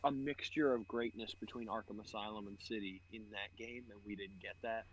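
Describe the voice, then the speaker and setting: A young man's voice, on the low side and a little fast with fairly even intonation, comes through a rough recording with slight background noise. He co-hosts a podcast, casually chatting, laughing and swearing a lot as he plays video games.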